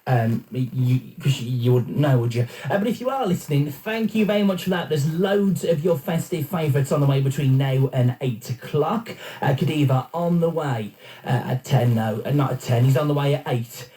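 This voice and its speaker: Chatty radio presenter man, mellow voice. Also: medium pitch, moderate pace, poor audio. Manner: chatty, rambling, with many fillers. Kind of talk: casual radio chat.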